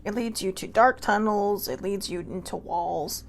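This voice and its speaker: A woman's voice: medium pitch, unhurried, a little hiss or hum. A middle-aged woman hosting her own show, giving an earnest, rambling, self-deprecating motivational talk. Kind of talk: casual motivational monologue.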